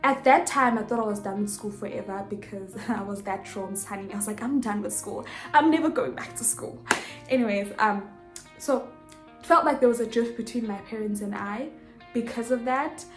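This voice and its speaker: A young woman telling a personal story in a casual vlog, animated and expressive, acting out the dialogue. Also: medium pitch, a little fast. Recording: echoey room with faint music.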